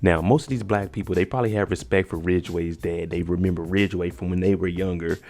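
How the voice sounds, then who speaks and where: A man's voice: low voice, fairly even intonation, quick pace, a little mellow. A man casually recapping a TV episode in a conversational way, using slang.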